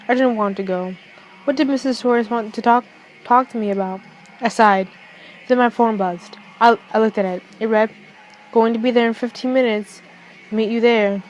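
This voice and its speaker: A young woman reading a first-person fan fiction story aloud, haltingly, with restarts. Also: mid-range voice, rough recording.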